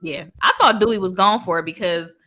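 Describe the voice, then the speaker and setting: A woman chatting casually about a horror movie, animated and slangy, breaking into loud exclamations. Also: mid-range voice, fairly quick. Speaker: podcast co-host. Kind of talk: casual movie recap chat.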